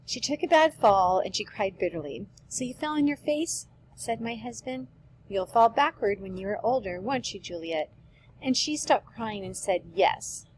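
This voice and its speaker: Woman reading a chatty old nurse, rambling, repeating herself, plain mid-pitched voice. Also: lively intonation, moderate pace, a little hiss or hum, close to an everyday voice, low-quality recording. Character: talkative old female nurse, rambling and fond. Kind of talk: reading a play aloud.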